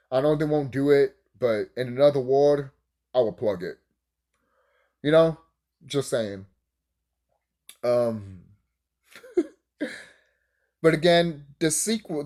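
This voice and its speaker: A man reviewing cartoons in a casual rant, swearing freely, laughing often and rambling with restarts. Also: medium pitch. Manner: animated, profane, laughs often; rambling, restarts mid-thought.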